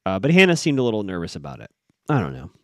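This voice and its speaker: A man hosting a podcast recaps a TV episode in a loose, chatty way, with his pitch swinging up and down a lot. He thinks aloud, stops to restart, and fills the gaps with "uh" and "like". The sound is close and dry, with no room echo. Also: wildly swooping pitch, rapid-fire, a bit bright.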